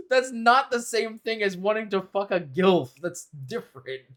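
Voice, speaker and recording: A man's voice: high voice, fairly bright tone. A man streaming a game, chatting casually with viewers, laughing often, swearing freely and playfully defending himself. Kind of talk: casual livestream chat with viewers.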